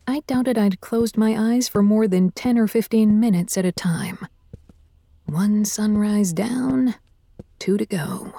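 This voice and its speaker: A woman's voice: mid-range voice, dark tone. A woman reading a first-person story aloud with a wry, dry touch. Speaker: audiobook narrator. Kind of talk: scripted first-person narration.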